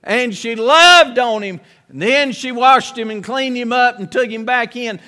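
A man's voice: extremely high pitch, measured pace, bright, forceful tone. A man preaching a sermon in a folksy storytelling way. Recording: long hall reverb.

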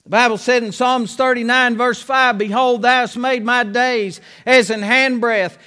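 High, bright-voiced preacher. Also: male voice, clean tone. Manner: preaching with emphatic, drawn-out phrases and folksy asides. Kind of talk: sermon. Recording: long hall reverb.

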